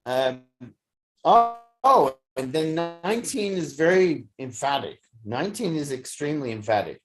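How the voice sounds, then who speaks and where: A teacher giving a thoughtful lecture to a study group, pausing often with fillers and restarts. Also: medium pitch, lively intonation, over loud music. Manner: halting, many fillers and restarts. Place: study session streamed on video call.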